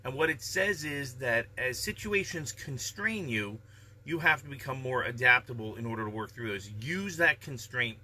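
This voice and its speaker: A man giving calm, measured, reflective life advice in a casual daily vlog monologue. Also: medium pitch, slight background noise.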